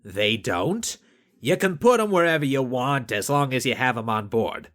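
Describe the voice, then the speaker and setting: A man's voice: mid-range voice, animated, normal speed, fairly bright tone, natural voice. A man voicing an officious, rule-bound middle-aged ship inspector.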